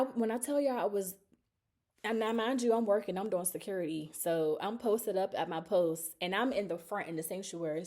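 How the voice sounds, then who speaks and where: A woman's voice: medium pitch, mellow. Emotional, confessional woman in her thirties. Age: 30s. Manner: emotional, confessional, rambling with many fillers. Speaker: vlogger. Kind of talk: candid personal storytelling vlog.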